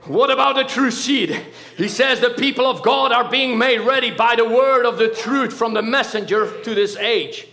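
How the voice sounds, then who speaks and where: A man preaching an impassioned sermon, often shouting out praise. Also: extremely high pitch, normal speed, echoey room. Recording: congregation audible behind. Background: congregation.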